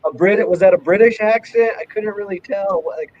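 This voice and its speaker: A podcast host, casual and enthusiastic, keeps calling his guest brother. His voice sits high with huge pitch swings, a darkish tone and normal speed, and the recording is slightly dull with faint noise.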